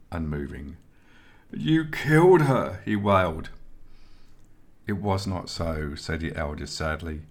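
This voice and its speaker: A man narrating a fantasy novel in a steady, measured storytelling voice. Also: low-pitched. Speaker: audiobook narrator. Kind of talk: scripted narration of fantasy fiction.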